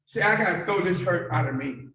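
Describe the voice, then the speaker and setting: Fervent pastor leading call-and-response. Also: male voice, sits high, lively intonation, fairly quick, crowd noise. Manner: fervent, coaxing the congregation to repeat after him. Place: church sanctuary. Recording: very echoey church hall from far off.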